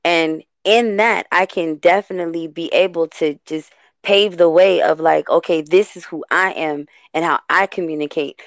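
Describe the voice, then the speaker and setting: A woman from the West Coast hosts a loose, chatty talk in a slightly low voice, rambling and self-interrupting as she goes. She gets animated and quick when she's excited. The recording is dry and close. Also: no room sound. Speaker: host. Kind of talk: casual talk show chat.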